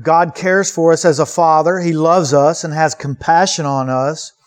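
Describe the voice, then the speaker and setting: A man with a fairly high, bright-sounding voice preaches to his congregation. He is earnest and emphatic, leaning on rhetorical questions and repeating key words to drive each point home. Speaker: pastor. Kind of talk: sermon.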